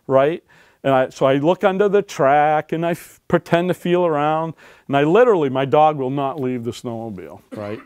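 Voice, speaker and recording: A man's voice: a little high, expressive, normal speed, a little mellow, no room sound, studio quality. A man who is an author and search and rescue dog handler, telling folksy stories to an audience and often asking "right?". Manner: folksy, keeps checking in with "right?". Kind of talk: storytelling talk to an audience. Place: public library talk.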